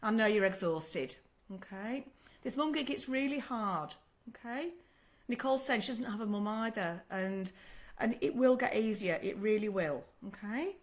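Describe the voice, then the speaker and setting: An older Australian woman, a sleep consultant, answering viewers on a casual live stream. She talks in a chatty, motherly way, calls people "love", keeps checking with "okay?", and her voice is still a little rough after a sore throat. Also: mid-range voice, lively intonation, normal speed.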